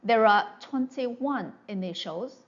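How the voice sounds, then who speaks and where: A woman's voice: fairly high pitch, expressive, slow pace, dull audio. A woman teaching Mandarin pronunciation in an online lesson. She explains patiently and drills each sound one by one.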